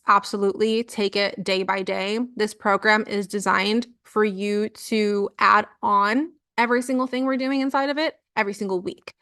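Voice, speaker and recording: A woman's voice: medium pitch, a bit bright. A young adult woman coaching clients live on energy healing, casual and earnest with lots of filler words. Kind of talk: live coaching session talk.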